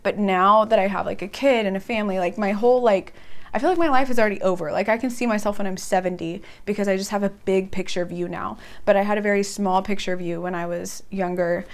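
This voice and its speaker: A chatty young woman in her twenties talks straight to camera in a loose, storytelling way. Her voice sits at a middle pitch for a woman and leaps up when she acts out her own past reactions, and "like" runs all through her talk. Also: fast. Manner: animated, jumps up in pitch when quoting herself. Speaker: vlogger.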